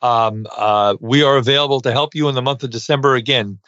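A man's voice: mid-range voice, fairly even intonation, brisk, no room sound, muffled recording. A middle-aged man with a New York accent hosting a podcast, chatting casually with many fillers. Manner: chatty, many uh fillers, warm thank-yous. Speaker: podcast host, dental CPA.

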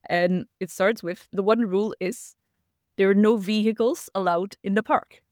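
A woman's voice: mid-range voice, steady tone, normal speed, darkish tone, no room sound, studio quality. A woman hosting a casual livestream talk, chatty and laughing often as she reads the chat. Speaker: host.

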